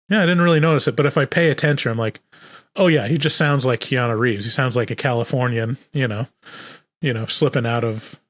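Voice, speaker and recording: A man co-hosting a podcast, thinking aloud in a relaxed, casual chat about movies. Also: medium pitch, no echo. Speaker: podcast co-host.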